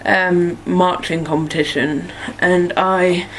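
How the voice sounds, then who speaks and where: Young English woman, casual vlog chat, lowish pitch, rambling with fillers. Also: steady tone, takes it slowly, a little hiss or hum, low-quality recording. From Norfolk, England. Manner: chatty, rambling, many "like" and "um" fillers. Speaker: vlogger answering follower questions.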